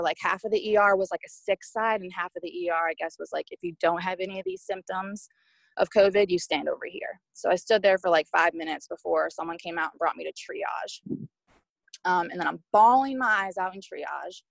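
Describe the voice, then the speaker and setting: A woman's voice: fairly low pitch, a little fast, gravelly, no room sound. A young woman telling her own story as a podcast guest, candid and emotional, quoting what others said. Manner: candid, emotional retelling with quoted speech. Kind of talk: personal storytelling.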